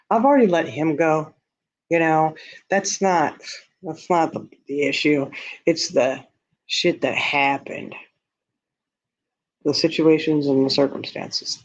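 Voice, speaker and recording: A man's voice: fairly high pitch, slight background noise. Blunt man on a lo-fi stream. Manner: blunt, candid, laughs at own remarks. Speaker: livestream host reading viewer comments. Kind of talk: casual livestream chat. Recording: dull lo-fi stream audio.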